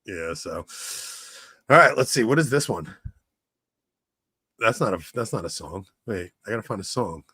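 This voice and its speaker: A man's voice: lowish voice, animated, moderate pace, pauses often, sharp tone, breathy edge, dry recording. A man hosting a podcast, chatting casually and animatedly, laughing often and restarting his sentences. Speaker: podcast host.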